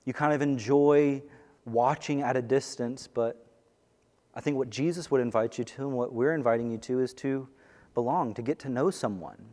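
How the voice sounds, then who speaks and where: A man's voice: mid-range voice, normal speed. Man preaching in an echoey hall. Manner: earnest, building to excited bursts. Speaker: pastor. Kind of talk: sermon. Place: church sanctuary. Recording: long echo of a large hall.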